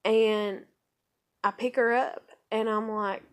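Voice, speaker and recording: A woman, telling a personal story in a rambling, profane vlog, dropping to quiet asides and rising to loud outbursts. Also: mid-range voice, fairly even intonation, takes it slowly. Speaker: vlogger.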